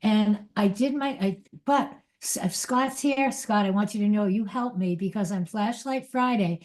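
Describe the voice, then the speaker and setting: A middle-aged woman gives a spiritual talk to her community, telling a personal story with frank, confessional honesty. She speaks at an everyday middle pitch, stops and restarts her sentences, and often laughs at herself as she goes. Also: moderate pace, darkish tone. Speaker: spiritual teacher.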